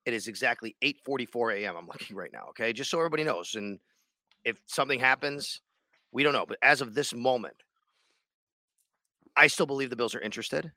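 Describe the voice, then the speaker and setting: Bright-voiced rambling sports radio host. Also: male voice, mid-range voice, a little fast, long pauses, dry recording, studio quality. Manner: rambling, restarts sentences often. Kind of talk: casual podcast chat.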